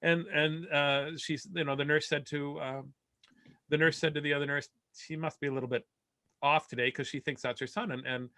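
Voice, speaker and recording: A man's voice: on the high side, flat delivery, moderate pace, bright, forceful tone, no room sound. A man from Canada telling a comic family story over a video call, rambling along with stammered restarts and laughing at his own jokes. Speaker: comedian.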